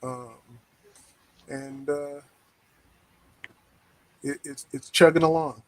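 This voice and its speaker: Man, guest comic creator, casual chat, hesitant, halting, flat monotone. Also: a little high, a little hiss or hum, poor audio. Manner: hesitant, halting, many uh fillers.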